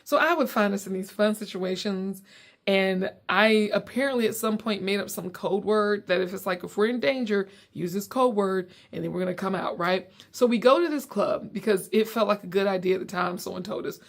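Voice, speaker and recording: A young adult woman hosts her own podcast, telling a long personal story in a loose, chatty way. She is from South Carolina and acts out the people in her story with sudden high, loud quotes before settling back to her normal voice. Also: fairly quick, vocal fry. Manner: animated, acts out quotes with big jumps in pitch. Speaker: podcast host and comedian. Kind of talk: casual storytelling. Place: at home.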